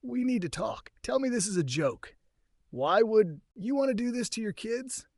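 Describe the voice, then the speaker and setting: A woman's voice: fairly high pitch, animated, moderate pace, darkish tone, no echo, studio quality, voice pushed up. A man voicing a panicked, angry ex-wife in a narrated story, pleading in a raised voice.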